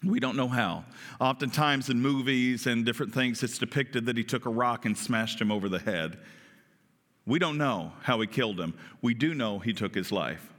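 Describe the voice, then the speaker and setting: With a fairly bright, medium-pitched voice at a moderate pace, a preacher delivers his sermon in a conversational style, often asking the congregation questions. The long reverb of a large hall fills the recording.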